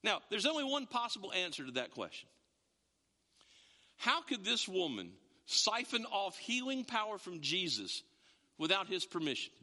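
A male pastor preaches in a lively, conversational sermon, often restarting his sentences. His voice sits high and very bright, with a wide, animated pitch range. The sound carries the long reverb of a large hall. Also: moderate pace.

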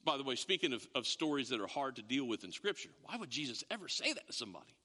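A man preaching a sermon as a pastor, in an animated, conversational way with frequent restarts. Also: mid-range voice, quick pace, in a large hall.

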